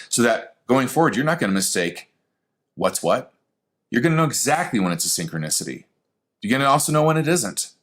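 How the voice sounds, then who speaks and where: A man giving a spoken lesson on intuition, animated and conversational, talking straight to the listener. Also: fairly low pitch. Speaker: spiritual teacher. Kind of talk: teaching lesson.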